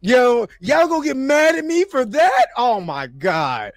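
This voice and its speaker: A man's voice: very high voice, very animated, measured pace, no room sound. A man hosting a casual podcast, joking and giggling as he banters about film news. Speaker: podcast host.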